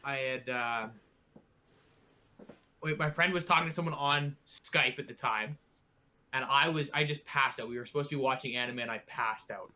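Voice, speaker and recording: A man's voice: medium pitch, moderate pace, pauses often, sharp tone. A young man, a podcast co-host, telling a story in casual chat, acting out quotes and swearing freely.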